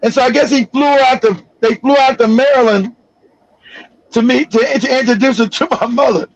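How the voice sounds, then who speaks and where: A man hosting a livestream, telling a story in an animated, profane and laughing way. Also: very high voice, normal speed, lo-fi sound. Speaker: livestream host. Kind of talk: casual storytelling.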